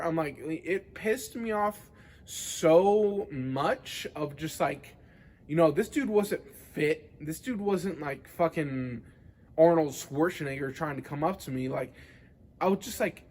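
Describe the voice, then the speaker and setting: A man's voice: fairly high pitch, slow, darkish tone. A young man rambling casually to the camera in a vlog, full of filler words and swearing. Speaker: vlogger.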